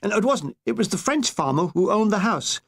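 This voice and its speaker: A man reading a comic war memoir aloud in a wry, deadpan way. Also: high voice, brisk. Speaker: narrator.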